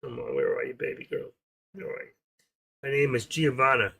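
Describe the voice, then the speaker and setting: Older male host, husky, chatty and rambling, casual livestream talk. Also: mid-range voice, moderate pace, sharp tone.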